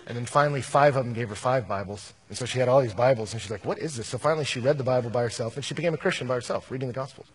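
A man preaching a sermon as pastor, animated, shifting from loud bursts to hushed, earnest lines. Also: medium pitch, rapid-fire, few pauses, husky.

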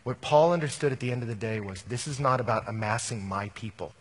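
Husky-voiced male preacher. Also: mid-range voice, fast talker. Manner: animated preacher, swings from loud bursts to hushed earnest lines. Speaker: pastor. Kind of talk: sermon.

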